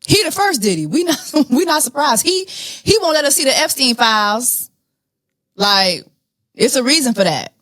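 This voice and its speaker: A woman hosting a podcast, talking through celebrity news in an animated, blunt, profane way. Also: high-pitched, moderate pace, dry recording, clean studio sound. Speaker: podcast host. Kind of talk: casual celebrity news chat.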